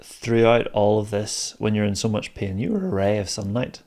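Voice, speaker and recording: A man's voice: on the low side, expressive, moderate pace, a little mellow. A man chatting on a podcast with a dry, teasing sense of humor. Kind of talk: casual podcast chat.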